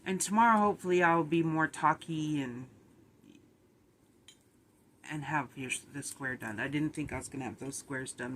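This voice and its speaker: A woman's voice: very deep voice, moderate pace, a little hiss or hum. A middle-aged woman, chatting casually and rambling a little on her vlog while sounding tired and run down. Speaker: vlogger.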